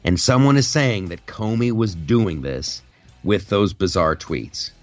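A man hosts a casual podcast in a somewhat low voice, rambling animatedly through a story with frequent restarts. Faint music sits quietly underneath him. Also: big pitch swings, a little slow, dry recording. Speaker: podcast host.

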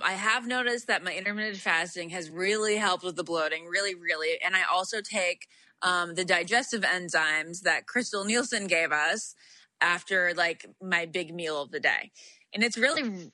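A young woman co-hosting a podcast, her voice bright and forceful though set a little low. She tells stories with lively, laughing energy. The sound is close and dry. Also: dry recording. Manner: animated storytelling with frequent laughs. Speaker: podcast co-host. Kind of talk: casual chat.

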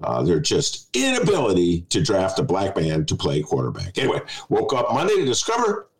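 Man, host, lower voice, lively pitch, wry, rambling home podcast chat. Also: brisk, poor audio. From United States.

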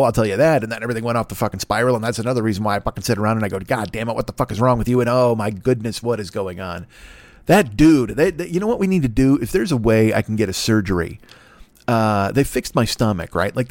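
A man's voice: fairly low pitch, no room sound. A man hosting a solo podcast, rambling in a profane, self-deprecating way. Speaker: podcast host.

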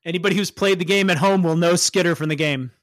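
A man's voice: high voice, fast, a bit bright, dry recording, studio quality. A man running a superhero tabletop game as game master, narrating in a loose, chatty way with frequent laughs.

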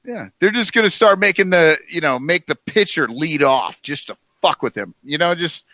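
Brief: male co-host, animated bright voice that swoops up and down, eager and loose. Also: on the high side, normal speed, no echo. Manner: excitable, profane, laughing. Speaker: podcast co-host. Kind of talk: casual chat.

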